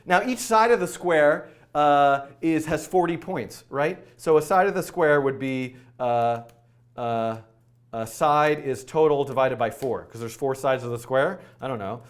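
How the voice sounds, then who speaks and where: A man hosting a live coding stream, thinking aloud in a rushed, flustered way, full of fillers and self-corrections. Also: mid-range voice. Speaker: coding livestream host.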